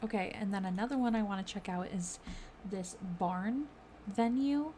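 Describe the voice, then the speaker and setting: A woman's voice: medium pitch, normal speed, dark tone, slight background noise. A young woman giving casual, gushing commentary as she tours builds in a life-sim game, easily delighted and full of fillers. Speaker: gaming video creator.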